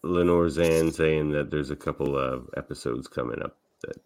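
A man's voice: very deep voice, normal speed, darkish tone, clean tone. A man hosting a podcast in casual chat, easygoing, often trailing off mid-sentence as he lays out his theories. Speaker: podcast host.

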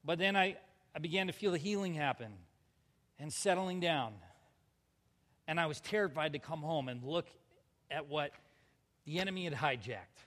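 A man preaching a personal testimony, animated and self-mocking, acting out his own lines. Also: on the high side, moderate pace, pauses often. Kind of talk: storytelling sermon. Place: large hall before a live audience. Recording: long reverb of a large hall.

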